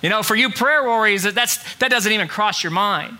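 A man's voice: high-pitched, brisk, bright, forceful tone. A middle-aged male pastor giving a conversational sermon in a church, full of rhetorical questions.

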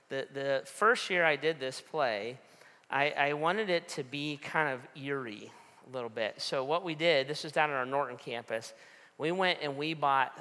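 A male pastor preaching, telling a personal story with animated, acted-out dialogue. His voice sits fairly high and sounds bright and forceful. The long echo of a large church hall trails each phrase. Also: clean tone. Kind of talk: sermon storytelling.

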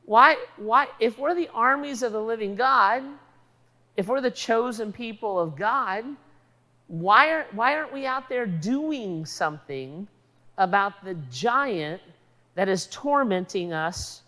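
An indignant young hero demands why no one will fight, his voice climbing high and pushing loud as a woman preacher puts him on. The questions tumble out fast and urgent. A long hall reverb trails every line. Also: expressive.

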